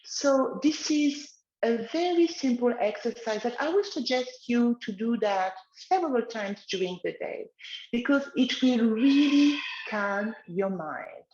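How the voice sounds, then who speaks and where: Slow, gentle woman guiding a relaxation exercise. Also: on the high side, roomy sound, lo-fi sound. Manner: slow, gentle guiding of breathing and neck movements. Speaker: wellness instructor. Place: outdoors in the countryside, chickens nearby.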